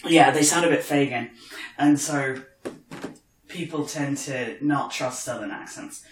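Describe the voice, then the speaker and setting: Recorded at home with a roomy echo and a little hiss or hum, a man co-hosts a podcast, joking wryly in casual chat over wine. His accent is posh London with northern touches, and his mid-range voice goes a little slowly.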